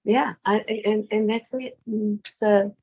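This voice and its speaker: A woman telling a heartfelt personal story in an earnest, emotional way. She repeats phrases, laughs softly, and often drops to a hushed voice. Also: medium pitch, fairly even intonation, slow, breathy edge.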